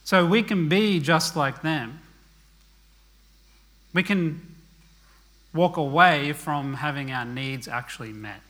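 A man's voice: fairly high pitch, takes it slowly, pauses often, fairly bright tone. A man preaching a sermon in an earnest, conversational way, dropping to a murmur at the ends of phrases. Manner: earnest, conversational preaching with frequent "okay?" asides.

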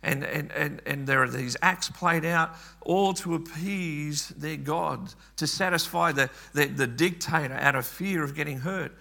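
A man's voice: on the high side, a little slow, creaky, hardly any pauses, sharp tone. A man preaching a sermon earnestly, often repeating words and restarting phrases.

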